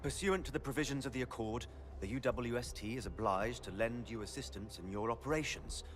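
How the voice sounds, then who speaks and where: A man's voice: mid-range voice, brisk, close to an everyday voice. This is a dutiful game rescue officer, voiced by a man with a mid-range voice. He speaks formally and courteously, with a wry edge. Faint music plays behind him. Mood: earnest. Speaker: game character. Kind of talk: game voice acting.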